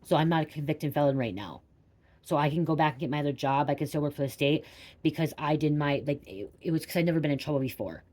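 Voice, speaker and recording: A woman's voice: deep voice, lively intonation, fast talker, darkish tone. A young woman tarot reader rambling through a personal story for her viewers, repeating herself and saying "like" a lot.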